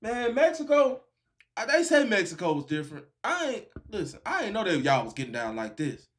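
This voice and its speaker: A man hosting a casual reaction video, animated and profane, laughing and breaking into shouts. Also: high-pitched, brisk.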